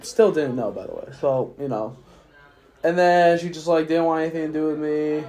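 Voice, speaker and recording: A man's voice: on the high side, moderate pace, warm tone. A drunk young man rambling through a profane story on a casual podcast. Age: young adult. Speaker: podcast host. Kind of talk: casual chat.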